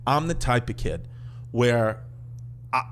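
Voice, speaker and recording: Animated crude New York comedian. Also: male voice, mid-range voice, slow, slight background noise. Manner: animated, crude, acts out voices in his stories. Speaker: comedian guest. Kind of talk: podcast storytelling.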